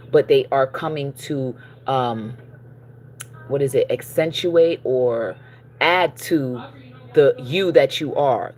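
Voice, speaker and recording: A casual spiritual card reading delivered in an easygoing, chatty voice at a mid pitch. The reader keeps reassuring listeners and checking in with them, wandering through fillers and self-corrections. Faint noise sits under the voice. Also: darkish tone. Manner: encouraging, checks in with listeners with frequent "okay?" and "all right?".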